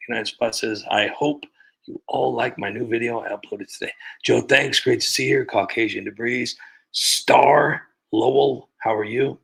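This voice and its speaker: Gravelly, husky man ranting on a livestream. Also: medium pitch, fairly even intonation, a bit bright, low-quality recording. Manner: rambling, halting, with many restarts and sighs. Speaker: livestream host. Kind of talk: casual livestream rant and chat greetings.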